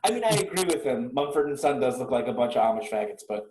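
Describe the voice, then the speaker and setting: A man in casual chat, sarcastic and foul-mouthed as he rants about rock stars. His voice sits at a middle pitch and rings in a roomy, echoey space. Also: sing-song, quick pace, a little mellow. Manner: profane, ranting and sarcastic. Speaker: podcast co-host.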